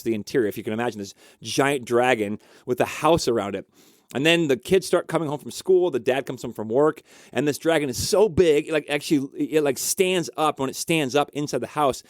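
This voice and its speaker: A man of ordinary mid pitch tells a story in a chatty, animated way, with frequent fillers. He sounds like someone who counsels couples. The recording is close and dry. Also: dry recording. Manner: animated, conversational, lots of fillers. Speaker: marriage counselor. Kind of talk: casual storytelling.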